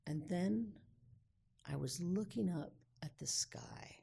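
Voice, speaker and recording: A woman telling a personal story aloud in an unhurried, vivid way with dramatic pauses. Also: lowish voice, vocal fry, mellow, breathy edge.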